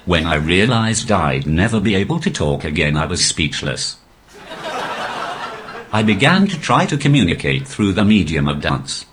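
A male stand-up comedian talking through a posh, robotic text-to-speech voice with a deadpan, even delivery. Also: deep voice, normal speed, background noise. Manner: deadpan, evenly paced delivery. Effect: synthetic text-to-speech voice. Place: live comedy venue.

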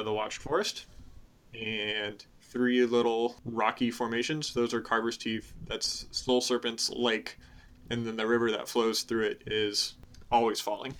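A man narrating a tabletop game as game master, explaining in a relaxed way. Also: medium pitch.

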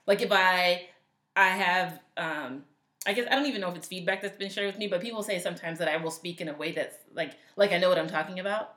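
A woman's voice: fairly low pitch, fast, a bit bright. Confident woman in a roomy space. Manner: confident, definitive delivery with laughs. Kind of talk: casual conversation.

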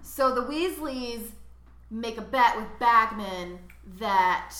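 A woman's voice: a little high, lively intonation, takes it slowly, pushed and bright. A young woman casually summarizing a chapter in a loose, laid-back way. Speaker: podcast co-host. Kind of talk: casual profane chat. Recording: echoey room with faint noise.

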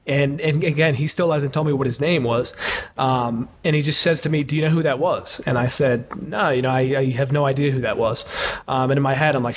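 A man's voice: mid-range voice, fairly even intonation, brisk. A man telling a candid story as an interview guest, casual and profane, with many fillers. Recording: muffled with clear background noise.

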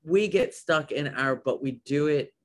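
A man with a slightly high voice and an unhurried delivery appears as a guest on a podcast, talking about owning a business. In the casual conversation he sounds enthusiastic and keeps trailing off and restarting.

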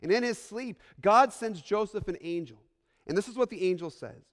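A man's voice: sits high, moderate pace, fairly bright tone. A man, a pastor, giving an earnest, emphatic Christmas sermon to his congregation, repeating phrases for weight and sometimes restarting a word. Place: church sanctuary. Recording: long reverb of a large hall.

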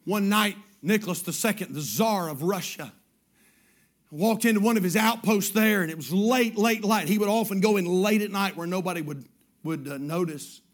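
A pastor preaching a sermon as a story, repeating his phrases and swinging from hushed lines to shouts. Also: high voice, moderate pace.

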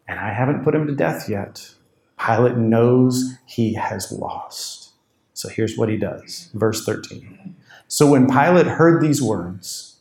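A man's voice: medium pitch, vocal fry, darkish tone. A male pastor delivers a sermon in a mid-range voice. He tells the story with animation, slipping into the voices of the people he describes. The room carries a noticeable echo.

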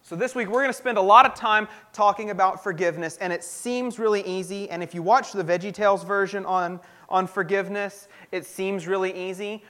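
High-voiced man preaching conversationally. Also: brisk, bright, forceful tone. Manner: conversational, earnest, frequent restarts. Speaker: pastor. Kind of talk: sermon.

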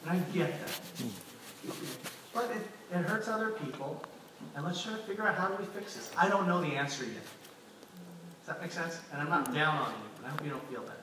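A man's voice: on the high side, brisk, pauses often, noisy background. A middle-aged man preaching a conversational sermon to a congregation and asking the room for responses. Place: church hall with congregation. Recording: echoey church hall from far off.

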